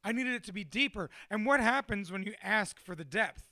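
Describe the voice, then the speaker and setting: High-pitched profane man, dry sound. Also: animated, a little fast, bright, forceful tone, no echo. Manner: profane, rambling and self-deprecating. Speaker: motivational speaker. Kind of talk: candid personal monologue.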